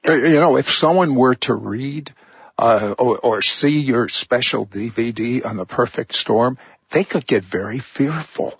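A man's voice: mid-range voice, measured pace, slightly rough, no room sound. A man hosting a faith talk show, interviewing a guest and asking follow-up questions.

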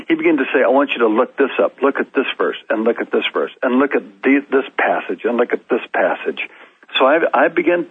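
A talk show guest with a husky, medium-pitched voice gives storytelling answers, frequently restarting and laughing in between. The sound has no echo and is narrow, dry, and phone-like.

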